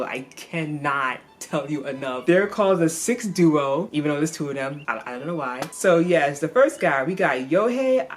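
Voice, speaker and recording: A woman with a low-pitched voice riffs casually about anime in a slangy, animated way, now and then slipping into quick put-on voices. Faint music plays behind her. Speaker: anime vlogger. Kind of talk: casual commentary.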